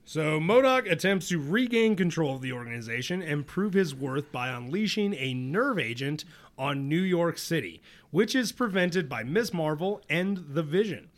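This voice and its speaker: A man with a slightly raised voice co-hosts a relaxed comic-book podcast. He recaps the story in an animated, joking way, laughing often and poking fun at the villains. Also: fairly high pitch, normal speed. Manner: animated, jokey, laughs often, mocks characters in put-on voices. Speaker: podcast co-host. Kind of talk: casual chat recapping comics.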